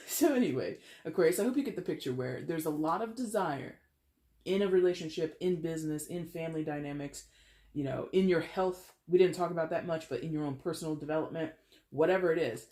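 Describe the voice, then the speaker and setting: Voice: medium pitch, a little fast, dark tone. A tarot reader giving a casual, chatty reading with playful, dramatic exaggeration. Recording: roomy echo.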